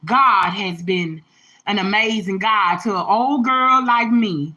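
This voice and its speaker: A woman, hosting a livestream and telling stories in an animated way, laughing, swearing and calling her viewers y'all and baby. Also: mid-range voice, slow, dull audio. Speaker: livestream host. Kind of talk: casual storytelling to viewers. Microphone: phone or webcam livestream.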